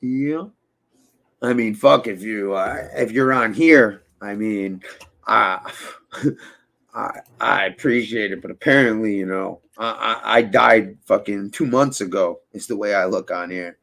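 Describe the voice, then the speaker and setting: A man's voice: on the low side, measured pace, gravelly, a bit bright. A man hosting a casual livestream chat, rambling and swearing with many restarts. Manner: rambling, profane, restarts a lot. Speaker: host.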